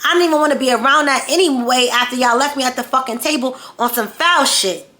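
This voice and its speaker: A woman's voice: high voice, fast talker, pushed and bright. A woman vlogger telling a story-time tale in a blunt, profane, heated way.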